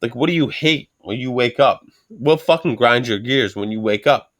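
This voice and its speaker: Man, middle-aged, podcast host, casual banter, animated, profane, rambling. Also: medium pitch, normal speed. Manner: animated, heavy swearing, rambling storytelling.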